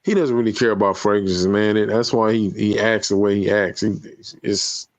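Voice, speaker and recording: A man's voice: fairly low pitch, steady tone, normal speed, no echo. A man in casual chat, laid-back and slangy, with lots of fillers.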